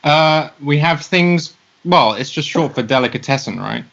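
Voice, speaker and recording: British guy on a podcast, dry humor, gravelly voice, muffled lo-fi audio. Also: fairly high pitch, expressive, normal speed, a bit bright. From United Kingdom. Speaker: podcast co-host. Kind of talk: casual chat. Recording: dull lo-fi audio.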